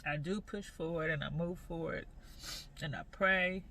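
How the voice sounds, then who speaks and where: A woman in her forties talking earnestly in a personal faith vlog, halting and repeating her phrases as she goes. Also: low-pitched, pushed and bright, a little hiss or hum. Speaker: vlogger.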